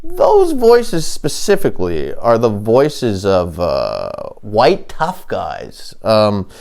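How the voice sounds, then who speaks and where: A man hosting a comic monologue, rambling and halting with many fillers, delivering sardonic deadpan jabs. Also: mid-range voice, gravelly. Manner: halting, full of fillers and restarts. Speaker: comedian host.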